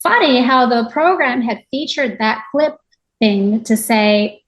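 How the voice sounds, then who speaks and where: Woman interview guest, slightly high pitch, reflective and animated. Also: slow, low-quality recording. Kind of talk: conversational interview.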